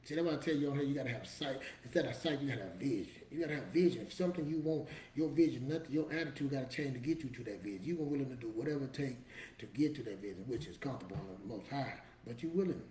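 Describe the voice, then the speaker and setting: A man's voice: medium pitch, rapid-fire, dark tone, echoey room, slight background noise. A man giving a motivational talk to camera in a preachy, emphatic, street-casual storytelling manner. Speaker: motivational vlogger.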